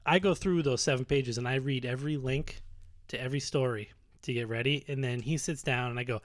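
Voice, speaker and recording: A man's voice: mid-range voice, brisk, no echo. Profane, teasing male podcast host. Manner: profane, teasing, mock-slogan delivery. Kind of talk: crude comedy podcast banter.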